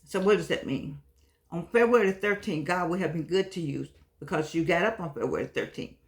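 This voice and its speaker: A woman's voice: lowish voice, brisk. An older woman hosting her own video talk, chatting casually and repeating herself, calling viewers pet names like darlings and sugar pies, a little frustrated today. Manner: warm-hearted, repetitive, pet names for viewers. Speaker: vlog host.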